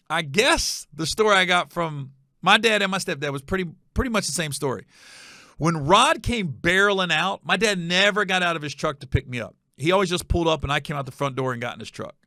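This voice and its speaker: A middle-aged man hosting a podcast, telling a story casually and animatedly, acting out other people's voices with high shouts. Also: no room sound, studio quality.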